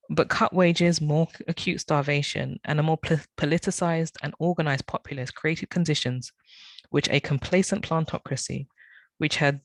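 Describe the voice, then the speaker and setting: A man's voice: fairly high pitch, dry recording, rough recording. A man reading a prepared academic talk, often stumbling and correcting himself. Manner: reads from notes, with frequent self-corrections and apologies. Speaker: academic speaker.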